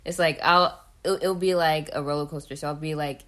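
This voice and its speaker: A young woman in a relaxed chat who speaks softly, probing with gentle questions. Her voice sits a bit low. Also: a little fast. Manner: soft-spoken, questioning. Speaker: podcast co-host. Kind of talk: casual chat.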